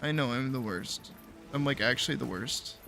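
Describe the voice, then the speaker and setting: A man's voice: mid-range voice, normal speed, creaky, sharp tone, faint music behind. A man streaming a video game, chatting casually with teammates and swearing freely as he plays. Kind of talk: casual gameplay chat.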